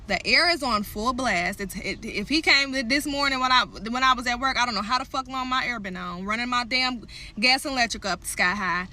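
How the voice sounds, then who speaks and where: A young woman tells an angry story to camera in a bright, sharp, slightly high voice. She swears freely and fires heated asides straight at her viewers. A faint noise sits under the recording. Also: brisk. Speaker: vlogger telling a story.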